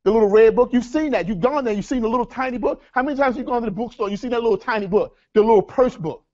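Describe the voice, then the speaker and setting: Man, high voice, lively seminar presenter, dull lo-fi room sound. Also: rapid-fire. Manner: energetic, addresses audience as folks, asks rhetorical questions. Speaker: seminar speaker. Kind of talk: live workshop teaching.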